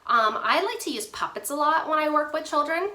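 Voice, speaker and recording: A woman occupational therapist giving a handwriting lesson to parents, talking to viewers directly in an animated, playful way. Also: high-pitched, brisk. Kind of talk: instructional video for parents. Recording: roomy echo.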